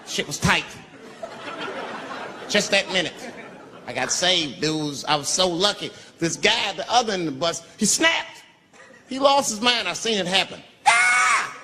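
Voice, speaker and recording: A man's voice: sits high, animated, normal speed, long pauses. A man doing a stand-up comedy routine on stage, telling a profane story with big swings in his voice. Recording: live crowd laughter over loud room noise.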